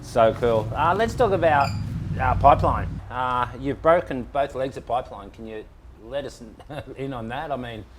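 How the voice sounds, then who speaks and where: A man's voice: medium pitch, moderate pace. A man hosting a casual interview, asking short easygoing questions. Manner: short encouraging prompts and questions. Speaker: podcast host.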